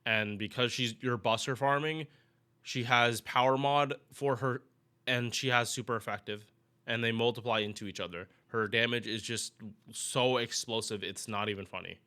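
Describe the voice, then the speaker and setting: Casual male gaming streamer, bright and clear voice, loose rambling delivery. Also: mid-range voice, fairly even intonation, moderate pace. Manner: rambling, restarts, chatty with viewers. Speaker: gaming YouTuber. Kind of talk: casual game commentary.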